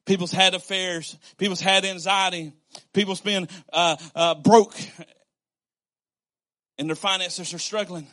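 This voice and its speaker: A male pastor delivers a lively sermon from a pulpit, talking to the congregation as if chatting. His voice sits high for a man and rings bright and forceful. He repeats himself for emphasis and slips into little acted-out quotes. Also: a little slow, pauses often. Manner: conversational, animated preaching with repetitions and acted-out quotes.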